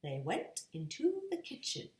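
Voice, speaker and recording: Woman storyteller, slow and lively children's read-aloud, roomy sound. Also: noisy background. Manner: playful, voices each character with big pitch jumps. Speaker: storyteller reading picture books to her nieces.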